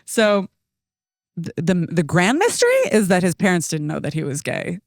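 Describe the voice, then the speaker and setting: A young adult woman, a podcast co-host, telling a story in casual chat, animated and laughing often. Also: on the low side, moderate pace, dry recording, studio quality. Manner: animated, laughs often, acts out quoted voices.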